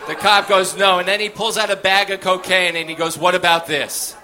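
Male stand-up comic, high bright voice, animated storyteller. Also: a little fast, some chatter behind. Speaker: stand-up comedian.

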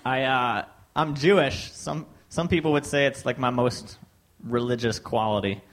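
A man's voice: medium pitch, normal speed. A young man performing a stand-up set on a comedy club stage, telling stories and quoting people in raised voices. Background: audience laughter.

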